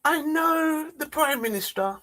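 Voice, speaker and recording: A man's voice: very high-pitched, animated, bright, forceful tone, pitched above the performer's own voice, full character voice. A man doing a stately indignant woman politician. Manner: slow, drawn-out, repeated questions.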